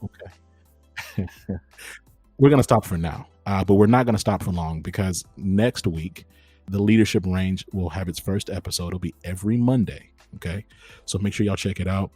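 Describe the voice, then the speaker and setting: A young man hosting a podcast, talking in a lively casual way and calling his listeners y'all. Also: low-pitched, brisk, husky, no room sound, soft background music. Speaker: host.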